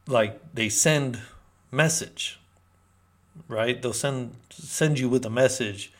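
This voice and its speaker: Man, from Northern California, casual storytelling, street slang, rambling delivery, average pitch. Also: slow, fairly bright tone. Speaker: storyteller recounting prison life.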